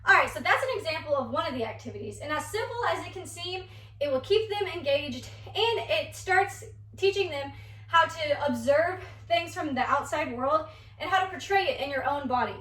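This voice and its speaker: A young woman dance teacher leading a children's movement class, coaxing and animated as she talks to young kids. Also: high-pitched, moderate pace, recorded from a distance. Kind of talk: kids' movement class demonstration. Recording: echoey room, voice away from mic.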